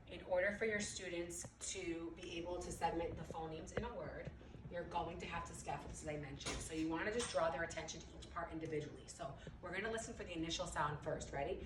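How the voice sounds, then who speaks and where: Woman, literacy instructor, over-enunciated sounds, somewhat low voice, distant mic, echoey room, ambient noise. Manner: clear step-by-step explanations. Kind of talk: teacher-training walkthrough with modeled drills.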